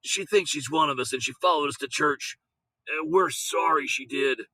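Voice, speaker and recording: A plain-spoken farmer father, voiced by a man reading a storybook. He talks in an everyday, bright voice with a hesitant, apologetic edge. The sound is dry and close. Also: a little high, normal speed, no room sound, poor audio.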